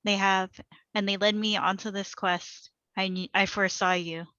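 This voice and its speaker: A woman voicing a mystical female druid who reads the stars, calm and dreamy. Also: mid-range voice, moderate pace, smooth, lightly acted. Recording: dull lo-fi sound.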